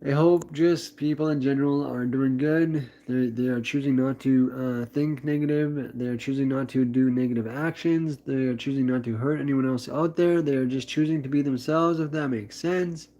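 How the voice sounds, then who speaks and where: A man's voice: mid-range voice, fairly even intonation, moderate pace, few pauses, dark tone, dull audio. A man chatting on a live stream in a rambling, upbeat way, full of fillers and restarts. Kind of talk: casual live-stream chat.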